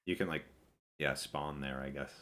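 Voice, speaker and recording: Very deep-voiced man running a tabletop game. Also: steady tone, fairly bright tone. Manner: casual, halting narration with many fillers. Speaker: game master.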